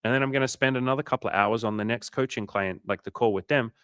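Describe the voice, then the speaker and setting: A man's voice: mid-range voice, fast talker, fairly bright tone, clean tone, no echo, studio quality. A man coaching on a livestream in a casual, profane and fired-up way, talking emphatically. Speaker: dating coach.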